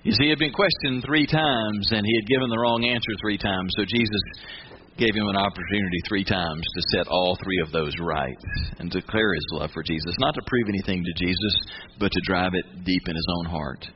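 A male pastor preaches a relaxed, conversational sermon and keeps putting questions to his listeners. His voice comes through a dull, muffled radio broadcast with a steady hiss underneath. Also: low-pitched, fairly quick.

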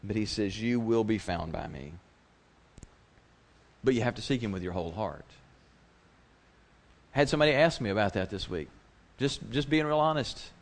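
A man's voice: on the low side, lively intonation, fairly quick. A male pastor preaching a sermon in a conversational way, slipping into the voices of the people he quotes.

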